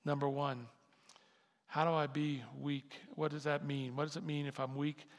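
A man preaching a sermon with a gravelly, fairly high voice that climbs to loud, emphatic peaks. His words ring out with a long reverb, as if carried through a large hall. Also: little pitch movement, moderate pace. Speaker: pastor.

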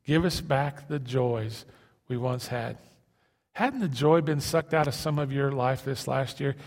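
A male pastor preaching a sermon in a halting way, repeating words and asking rhetorical questions. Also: mid-range voice, long reverb tail.

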